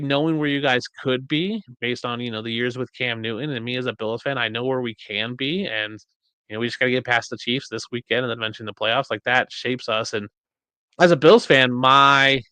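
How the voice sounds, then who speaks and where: A man in his thirties co-hosting a podcast, chatting casually and acting out quoted lines in an animated way. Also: smooth, dry recording. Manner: animated storyteller, acts out quotes in high voices. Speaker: podcast co-host. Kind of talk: casual chat.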